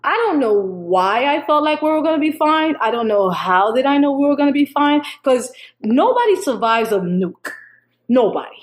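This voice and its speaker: A young woman telling a dream at length in casual speech, rambling and animated, with many restarts and quoted dialogue. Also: high voice, moderate pace. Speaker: YouTuber sharing a prophetic dream. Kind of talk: casual spoken dream account.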